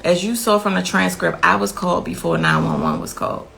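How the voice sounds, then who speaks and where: A woman's voice: fairly low pitch, huge pitch swings, fairly quick, gravelly, fairly bright tone, a little hiss or hum, poor audio. A woman, a grieving mother, giving a blunt and impassioned interview account, repeating herself for emphasis. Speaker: victim's mother telling her story.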